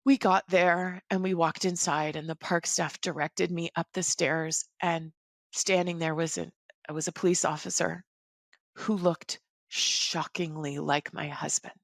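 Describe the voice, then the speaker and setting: A woman in her forties, a podcast guest, recounting a personal story in a measured, reflective way. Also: lowish voice, steady tone, gravelly, no room sound, clean studio sound.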